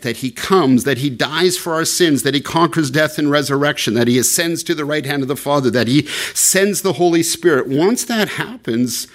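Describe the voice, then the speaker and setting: A man preaching an expository sermon, explaining a scripture passage verse by verse with frequent fillers and restarts. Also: a little high. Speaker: pastor.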